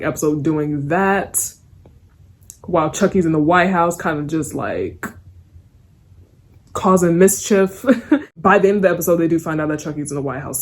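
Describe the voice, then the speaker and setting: A woman's voice: lowish voice, darkish tone. Giggly rambling young woman reviewer. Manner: rambling and giggly, full of fillers and restarts. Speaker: TV series reviewer. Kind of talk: casual spoken review.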